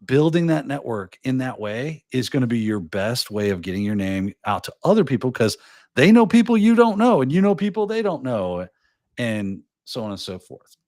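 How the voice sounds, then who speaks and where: A podcast host with a mid-range voice and moderate pace runs a casual live show, animatedly acting out quoted scenes while giving advice. The audio is clean studio sound without any room echo.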